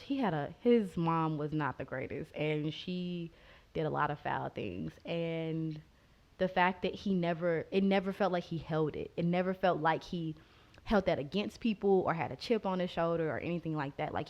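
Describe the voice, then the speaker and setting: A woman from Oklahoma with a slightly low voice recites spoken word poetry in a heartfelt, earnest manner. Between poems she chats in a loose, candid way. Her delivery stays sincere and grounded. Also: dull audio. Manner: heartfelt, earnest, and loud with laughter when chatting. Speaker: spoken word poet, guest.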